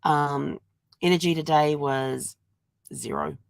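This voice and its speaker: Low gravelly-voiced sick woman vlogging. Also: very animated, slow pace, dry recording. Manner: chatty and rambling, laughs at herself. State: ill, sore throat and congestion; talking around a throat lozenge. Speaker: vlog host. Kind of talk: casual daily video diary.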